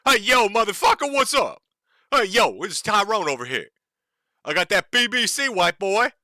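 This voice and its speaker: Guy putting on a swaggering loud tough dude, taunting, bright and dry. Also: high-pitched, very animated, normal speed, no echo, voice pushed up, heavily acted.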